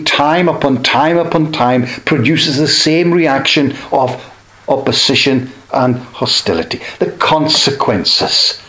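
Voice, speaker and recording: A man preaching a sermon in a slow, measured way, pausing between short phrases. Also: medium pitch, fairly bright tone, roomy sound, poor audio.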